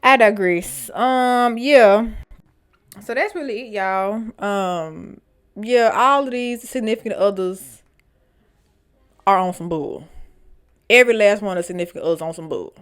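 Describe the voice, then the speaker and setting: A woman hosting a storytime vlog. She reads online posts aloud and reacts to them in an animated, dramatic, slangy way. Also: mid-range voice, a little slow, pauses often, clean tone. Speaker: storytime vlogger.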